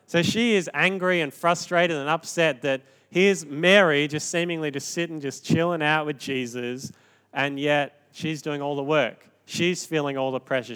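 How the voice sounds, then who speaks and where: A man preaching a sermon in a conversational, animated way, moving between quiet reflection and emphatic points. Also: on the high side. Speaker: pastor.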